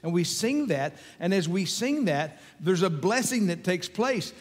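A pastor delivering a sermon in a slightly high voice. He preaches emphatically, repeating phrases as his intensity builds. The sound carries a long reverb, as in a church sanctuary. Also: lively intonation, measured pace, slightly rough.

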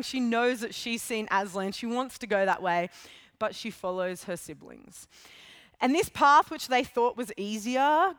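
A young adult woman preacher telling a story in a sermon, in a casual, animated way with asides. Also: on the high side, no room sound.

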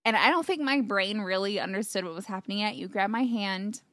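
A young woman telling a story in relaxed conversation, her voice sitting at an ordinary middle pitch. She laughs often and acts out what was said, recorded close and dry with no room sound. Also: a little fast, no room sound. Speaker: podcast guest, fiancée. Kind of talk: casual storytelling chat.

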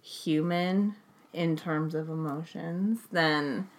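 A woman's voice: low-pitched, slow pace. A woman co-hosting a casual movie-recap chat, giggly and rambling with many fillers. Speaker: podcast co-host.

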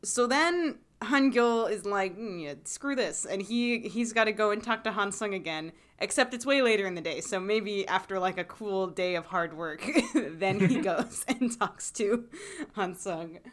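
A woman's voice: medium pitch, moderate pace, hardly any pauses. A woman co-hosting a casual podcast, giggling and acting out the characters as she recaps an episode. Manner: giggly, acts out characters in quotes. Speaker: podcast co-host.

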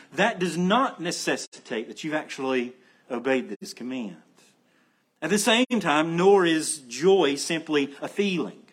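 A male pastor delivers a sermon in a somewhat high-pitched voice. He stresses key phrases by repeating them and talks directly to his congregation in a conversational way. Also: husky.

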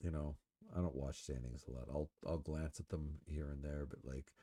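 In an extremely low-pitched voice at normal speed, a male podcast host chats through casual solo sports talk. He's relaxed, smokes as he goes, and rambles with lots of fillers and swearing.

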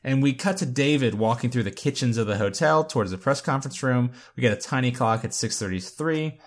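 A man's voice: medium pitch, brisk. A man hosting a podcast, recapping a TV episode scene by scene and reading out lines in casual chat. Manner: recounts scenes, reads quotes in a lively voice.

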